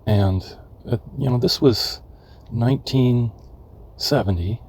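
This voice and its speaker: A man in his seventies from California, telling rambling memories of his youth, halting often as he searches for names. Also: mid-range voice, a little mellow. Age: 70s. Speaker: memoirist. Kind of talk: reminiscing memoir narration.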